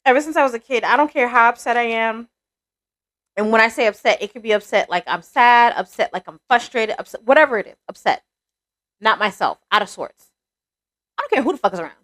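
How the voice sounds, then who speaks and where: A woman's voice: a little high, expressive, brisk, fairly bright tone. Candid middle-aged woman chatting. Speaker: podcast co-host. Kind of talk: casual chat.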